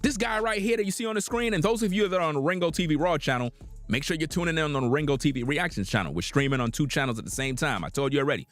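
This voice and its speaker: A man's voice: a little high, very fast, fairly bright tone, faint music behind. A man giving blunt, preachy reaction commentary on a livestream, lecturing his audience in casual slang.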